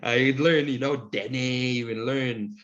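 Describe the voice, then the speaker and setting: A man teaching an online language class, answering questions in a relaxed, friendly way with many fillers. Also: medium pitch, measured pace. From Saskatchewan, Canada. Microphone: video call. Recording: muffled video call audio.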